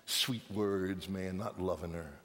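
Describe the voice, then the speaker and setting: A man preaching a sermon, telling a story with hushed lines and emphatic outbursts. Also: sits low, steady tone, takes it slowly. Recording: long reverb of a large hall.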